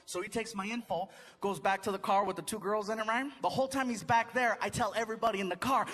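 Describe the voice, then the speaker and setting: A man doing stand-up, telling a story and acting out voices, often shouting punchlines. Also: high voice, quick pace. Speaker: stand-up comedian. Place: comedy stage. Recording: live set with loud audience noise.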